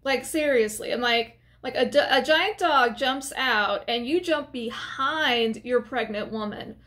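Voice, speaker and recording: A woman casually recapping a horror film for her channel, chatty and expressive, with plenty of filler words and side comments. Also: a little high, unhurried. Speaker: movie reviewer. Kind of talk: casual movie recap to camera.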